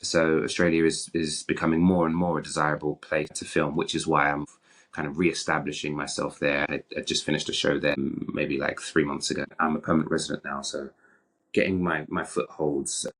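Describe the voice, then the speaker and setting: A British actor speaking as a guest in an interview, frank and animated, often restarting his sentences. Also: very deep voice, brisk. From Britain. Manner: frank and animated, with many repeated starts. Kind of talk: candid interview conversation.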